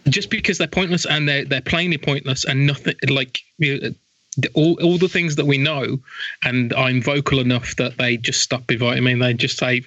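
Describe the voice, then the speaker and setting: A man in casual chat, blunt and sweary, talking in an animated way. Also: mid-range voice, moderate pace, no room sound, muffled recording.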